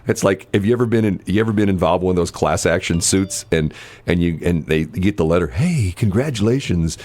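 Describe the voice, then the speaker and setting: A man's voice: low-pitched, steady tone, fast, a little mellow. A man hosting a morning radio show, telling rambling stories with jokey asides in casual chat. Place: radio studio. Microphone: studio microphone.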